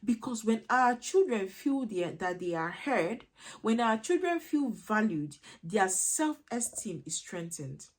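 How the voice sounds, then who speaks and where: A woman's voice: mid-range voice, sing-song, slow pace. A woman giving earnest parenting advice as a coach, emphatic, repetitive and a little preachy.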